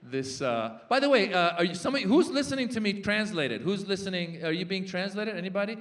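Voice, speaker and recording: A man in his forties doing a stand-up comedy set on a festival stage, animated and jumping into impressions and shouted punchlines. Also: high voice, fairly quick. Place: large festival stage before a live audience.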